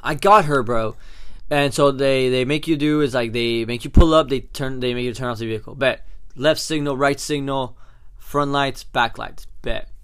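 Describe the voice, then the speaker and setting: A young man co-hosting a podcast, telling a story in a casual, animated way, swearing often and saying "bet" again and again. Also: mid-range voice, moderate pace, clean tone. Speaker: podcast co-host.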